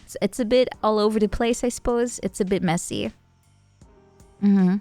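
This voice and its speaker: A young adult woman streamer chatting casually with viewers, rambling and halting, with a giggly manner. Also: mid-range voice, warm tone, no echo, faint music behind. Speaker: VTuber streamer. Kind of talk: casual chat answering viewer messages.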